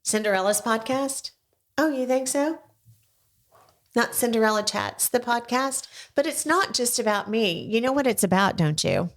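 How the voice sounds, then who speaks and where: An older woman hosting a podcast, chatting with a child and coaxing him along with slow, gentle questions. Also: fairly high pitch, expressive. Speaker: podcast host interviewing her grandson. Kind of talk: casual interview chat. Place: small home podcast studio.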